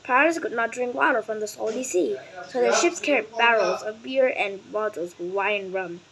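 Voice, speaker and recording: A woman whose first language is Vietnamese reads a children's nonfiction book aloud in English, carefully and deliberately, sometimes stumbling and correcting herself. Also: on the high side, over a noisy crowd, poor audio.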